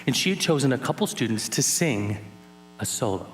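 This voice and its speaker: A man giving a keynote talk at a conference, telling a personal story in an animated way and acting out scenes. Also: mid-range voice, brisk, background noise. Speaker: keynote speaker. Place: conference hall.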